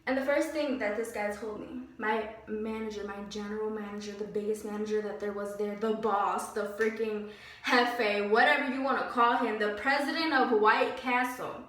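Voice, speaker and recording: A young woman telling a story in a casual vlog, animated and exasperated, full of "like"s and sighs. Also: medium pitch, moderate pace, far from the mic. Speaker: vlogger. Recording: very echoey room, voice away from mic.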